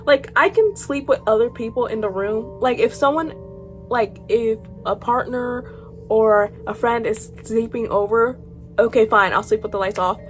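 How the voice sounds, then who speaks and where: A teenage girl vlogger reacting to horror stories, dramatic and casual, swinging between loud outbursts and quiet mutters and swearing freely. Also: on the high side, normal speed, soft background music. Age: teens. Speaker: YouTuber.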